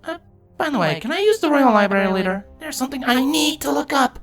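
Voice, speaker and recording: A man reading a fan story aloud, voicing a clever, nervous young pony princess who talks eagerly with rising pitch. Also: sing-song, fast, a bit bright, faint music behind, full character voice. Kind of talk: fanfiction audiobook reading.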